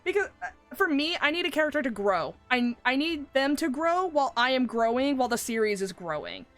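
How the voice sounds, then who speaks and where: Fairly quick and fairly bright, this woman's high voice swings widely in pitch as she casually chats about a game on stream. She swears and laughs a lot over faint game music.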